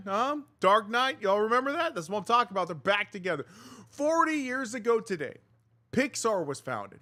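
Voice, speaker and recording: A man with a high, bright voice hosts a quick entertainment news rundown. He talks casually and directly to his viewers. He throws in sarcastic asides as he goes. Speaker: news show host.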